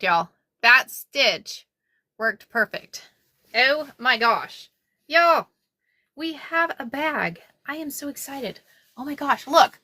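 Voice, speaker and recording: A bright, forceful-sounding woman in middle age talks straight to her livestream viewers as she sews. Her voice sits fairly high. She is excitable and chatty and says everything twice. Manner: excitable, repeats herself, says y'all often. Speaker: craft livestream host. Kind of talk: casual livestream chat while sewing.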